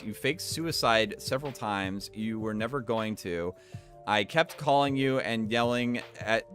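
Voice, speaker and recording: A man streaming, reading a statement aloud and breaking off for wry comments. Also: medium pitch. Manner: reads flatly, breaks off for wry asides.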